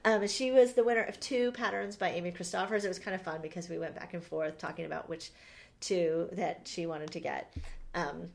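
A woman's voice: fairly low pitch, fairly even intonation, brisk, creaky, darkish tone. A woman co-hosting a podcast, chatting casually and rambling with lots of ums and restarts. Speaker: podcast co-host. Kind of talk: casual chat.

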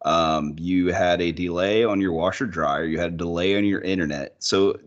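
A man's voice: deep voice, steady tone, moderate pace. A man in casual chat who prompts his friend's story and laughs along. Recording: dull lo-fi sound.

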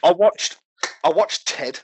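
A young British man in casual podcast banter, delivering dark jokes with deadpan mock outrage. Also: on the high side, slow pace, husky, dry recording. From Britain.

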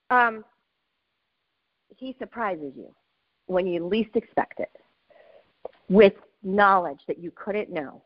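A middle-aged woman preaching a sermon, telling her own testimony with emotional, animated asides. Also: on the high side, highs cut off.

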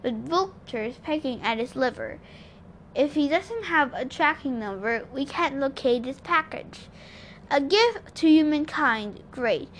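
Hermes, a woman doing a breezy, relaxed male god. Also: high voice, measured pace, slight background noise. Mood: easygoing. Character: calm, easygoing male god disguised as a jogger.

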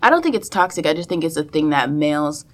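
Woman co-host, fairly low voice, emphatic and quick to laugh. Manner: animated, laughs often, emphatic. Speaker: podcast co-host. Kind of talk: casual chat.

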